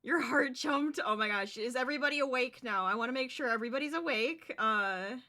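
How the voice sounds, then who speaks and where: A woman chats with her stream audience as she crochets, her voice bright and a touch high. She is bubbly and laughs easily. It sounds like a desk mic in a room at home. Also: a little fast. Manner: bubbly and giggly, chatting to viewers. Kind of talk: casual chat while crocheting on stream.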